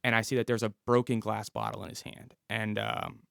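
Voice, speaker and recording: Gravelly-voiced police officer telling a story. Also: male voice, on the low side, very animated, a little fast, fairly bright tone, dry recording, clean studio sound. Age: 30s. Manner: vivid storyteller who acts out the dialogue. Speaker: police officer, podcast guest. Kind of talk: storytelling interview.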